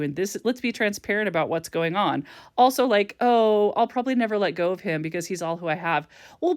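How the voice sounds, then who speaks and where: Animated, foul-mouthed woman ranting. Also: mid-range voice, no room sound, studio quality. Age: adult parent. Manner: animated, swears a lot, laughs often. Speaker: vlogger reviewing a TV series. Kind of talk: unfiltered casual rant to camera.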